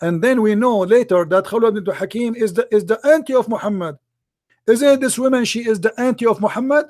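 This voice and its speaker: A man's voice: high voice, brisk, a little mellow. A man in a heated outdoor street debate, confrontational and repeating his challenges. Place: outdoor public speaking spot.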